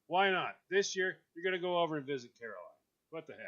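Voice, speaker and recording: A man hosting a radio show, telling a long story in an animated way and mimicking the people in it. His voice is high-ish and bright, and the audio sounds dull and lo-fi. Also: quick pace. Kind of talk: casual chat on a call-in show.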